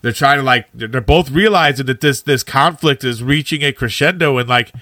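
A man's voice: medium pitch, a little fast, bright, forceful tone, dry recording, studio quality. A man co-hosting a casual podcast, talking with enthusiasm about a favorite sitcom episode and laughing often. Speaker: podcast co-host.

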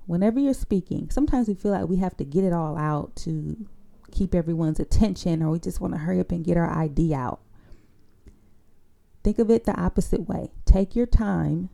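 Woman, speaking coach, dark mellow tone, vocal fry, podcast teaching, repeats points for emphasis. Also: lowish voice. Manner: coaching, often adds a tag question for agreement; repeats key phrases for emphasis. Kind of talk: instructional podcast monologue.

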